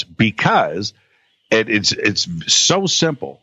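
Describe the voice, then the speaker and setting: A man in casual conversation as a guest, talking in halting bursts with many restarts and repeated words. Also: lowish voice, animated, fairly bright tone, dry recording. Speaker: podcast guest. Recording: dull lo-fi audio.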